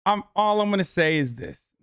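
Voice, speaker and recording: Brash, profane streamer, crisp dry voice. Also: male voice, medium pitch, no room sound. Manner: brash, profane, joking asides. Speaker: streamer reacting to clips. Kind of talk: casual live-stream commentary.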